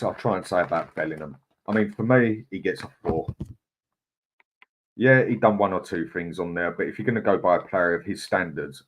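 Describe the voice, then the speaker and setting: A deep-voiced man talks casually on a live stream. He reads out viewer comments and answers them with his own firm opinions, now and then tripping over names. The talk is loose, conversational and unscripted. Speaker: host of a football fan live stream.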